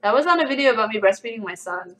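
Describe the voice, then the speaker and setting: A woman's voice: fairly high pitch, expressive, rapid-fire, a bit bright, a little hiss or hum, poor audio. A young woman hosting a casual livestream, reading comments aloud with a dry, sarcastic edge.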